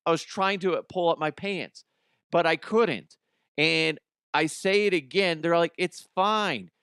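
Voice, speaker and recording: Speaking a little high and a little slow, the same kind of middle-aged comedy podcast host tells rambling, profane tales and voices their characters. His tone is fairly bright, clear, and resonant, captured dry in clean studio quality.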